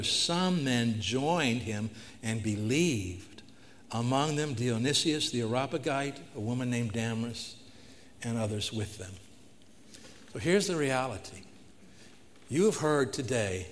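A man's voice: mid-range voice, slight background noise. Guy preaching a sermon, reads verses then explains, big hall echo. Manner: reads scripture aloud then explains it plainly, urging listeners. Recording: long reverb of a large hall.

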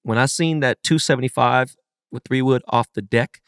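A man's voice: mid-range voice, fairly bright tone, clear, resonant tone, no echo, studio quality. A man co-hosting a casual podcast, talking with lots of emphasis and swearing. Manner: fast, profane, emphatic. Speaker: podcast co-host. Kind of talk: casual chat.

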